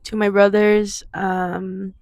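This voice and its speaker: A young woman co-hosting a podcast in casual chat, mostly giving short, relaxed reactions. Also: medium pitch, slow pace, no echo, studio quality. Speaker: podcast co-host.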